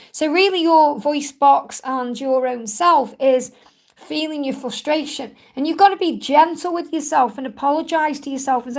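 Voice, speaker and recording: Woman psychic reader live on stream, high voice, gentle and reassuring, repeats her comfort. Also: moderate pace. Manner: soothing, reassuring, repeats herself. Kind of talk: live-stream Q&A card reading.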